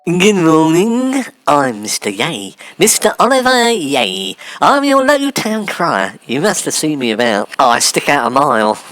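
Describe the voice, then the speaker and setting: A man's voice: a little high, very animated, measured pace, hardly any pauses, a bit bright. A man voicing a fussy, timid male town crier with a camp, nasal, whining drawl in a comic sketch. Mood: prim, plaintive.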